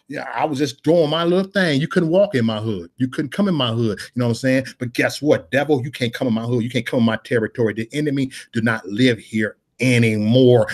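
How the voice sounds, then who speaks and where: Emphatic Chicago man preaching in street slang. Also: medium pitch. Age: 40s. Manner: repetitive, emphatic, conversational.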